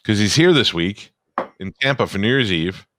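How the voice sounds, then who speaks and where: A man's voice: on the low side, animated, normal speed, a bit bright. A man co-hosting a podcast in casual chat, telling stories bluntly and swearing freely. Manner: blunt, profane, storytelling. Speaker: podcast co-host.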